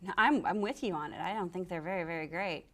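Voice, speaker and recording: A woman's voice: on the low side, quick pace. A young woman co-hosting a casual live stream chat, bubbly and reading viewer comments aloud. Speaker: co-host.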